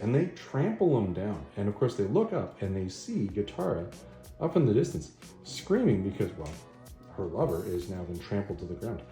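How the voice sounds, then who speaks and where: A man's voice: lowish voice, sing-song, moderate pace, mellow, faint music behind. A man hosting a video, casually recapping a comic story with rambling self-corrections. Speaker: video host, comic reviewer. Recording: echoey room.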